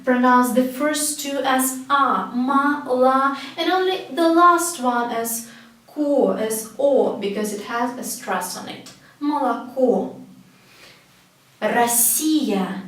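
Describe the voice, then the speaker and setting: Woman, Russian accent, language teacher, careful and slow, repeats words, very echoey room. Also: sits high, distant mic. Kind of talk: spoken language lesson.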